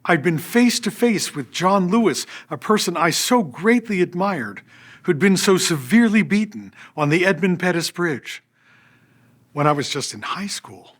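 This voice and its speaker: A high-pitched older man, artistic director of an orchestra, tells his own stories from a script at a moderate pace. He delivers them with energy and gives each quoted person a voice of their own.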